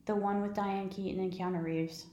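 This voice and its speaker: A woman's voice: medium pitch, steady tone, moderate pace, dark tone. A woman co-hosting a podcast, chatting casually and rambling about movies, swearing now and then. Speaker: podcast co-host. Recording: roomy echo.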